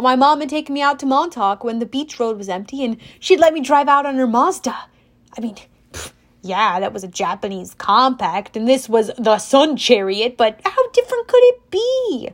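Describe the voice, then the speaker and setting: A woman narrating an audiobook in first person, wry and expressive. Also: sits high.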